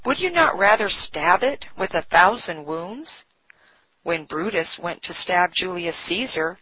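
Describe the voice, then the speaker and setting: A woman giving a solemn, measured scripted devotional reading. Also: fairly low pitch, expressive, slight background noise. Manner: slow, solemn, measured delivery. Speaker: devotional reader. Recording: dull, dry lo-fi recording.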